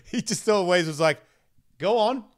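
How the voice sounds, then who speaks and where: Man, podcast host, crude animated storytelling, high voice, smooth clear tone. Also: moderate pace. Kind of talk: casual chat.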